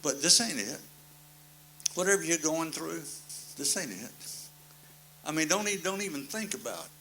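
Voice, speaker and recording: Male preacher, folksy plain-spoken sermon delivery, bright and forceful tone. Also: on the high side, expressive, moderate pace, slight background noise, poor audio. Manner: folksy, plain-spoken storytelling with repeated refrains.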